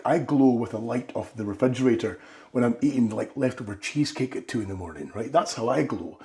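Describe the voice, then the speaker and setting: A man's voice: medium pitch, darkish tone. A man doing a rambling comic monologue and tagging his lines with "right?". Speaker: comedy vlogger. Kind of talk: comedic monologue.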